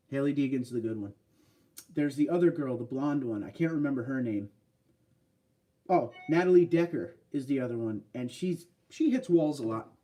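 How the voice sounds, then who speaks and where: A man's voice: medium pitch, dark tone, recorded from a distance. A man hosting a casual livestream, chatting loosely and answering viewer comments. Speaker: livestream host. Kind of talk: casual live stream chat.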